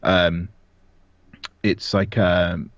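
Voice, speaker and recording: A man's voice: low-pitched, flat delivery, extremely slow, dry recording, lo-fi sound. A man co-hosting a casual wrestling review podcast, rambling with lots of fillers and frequent laughs. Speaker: podcast co-host. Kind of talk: casual chat.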